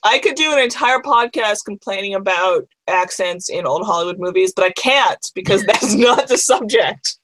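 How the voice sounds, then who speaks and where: A woman's voice: mid-range voice, normal speed, few pauses, a bit bright, dry recording, low-quality recording. A woman co-hosting a podcast in casual chat, chatty and wry, with asides as she reads aloud. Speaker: podcast co-host.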